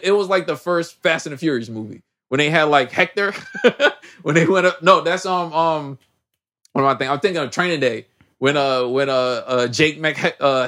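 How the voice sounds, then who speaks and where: A man co-hosting a podcast, recapping a movie in casual slangy chat and acting out the characters' lines. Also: a little high. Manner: animated slangy storytelling, acts out characters' lines. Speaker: podcast co-host.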